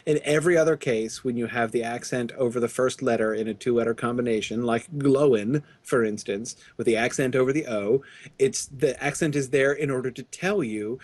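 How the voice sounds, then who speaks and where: A man's voice: medium pitch, fairly quick, darkish tone, no echo. A man co-hosting a casual gaming podcast, rambling with lots of restarts and fillers. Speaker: podcast co-host.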